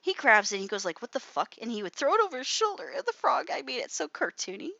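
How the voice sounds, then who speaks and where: A young woman rambling through a story while she draws on a livestream, full of fillers and swearing, sometimes muttering softly to herself. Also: sits high, very animated, quick pace, creaky, no echo. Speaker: artist livestreaming while drawing. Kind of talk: casual rambling livestream commentary. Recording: slightly dull lo-fi mic, dry.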